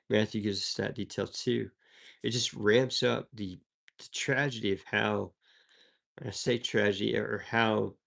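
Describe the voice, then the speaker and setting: A fairly low-pitched man from the American South, his voice fairly bright with vocal fry, reads Bible passages and then talks through them. It's an easygoing, conversational devotional teaching style, sprinkled with asides.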